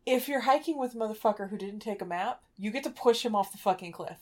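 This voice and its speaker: A woman's voice: mid-range voice, fast talker, a little mellow. A woman co-hosting a casual movie podcast, blunt and sarcastic, swearing freely. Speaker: podcast co-host.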